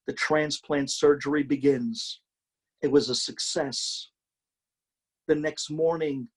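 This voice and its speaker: A man, a rabbi, telling a story in a sermon with dramatic emphasis. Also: fairly high pitch.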